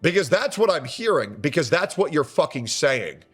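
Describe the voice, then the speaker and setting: A man tears into a clip in a ranting reaction commentary, his slightly high voice leaping all over the place. He is sarcastic and indignant, and he swears freely. Faint music plays underneath. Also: very animated, moderate pace, a bit bright, husky.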